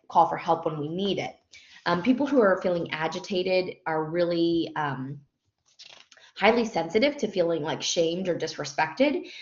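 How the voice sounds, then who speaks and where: A woman with a fairly low voice talks through a nursing lecture at an easy pace, often pausing on "um" and correcting herself mid-phrase. The sound is dull and lo-fi, with a roomy echo around her. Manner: conversational, frequent ums and self-corrections. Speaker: nursing instructor. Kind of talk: recorded lecture.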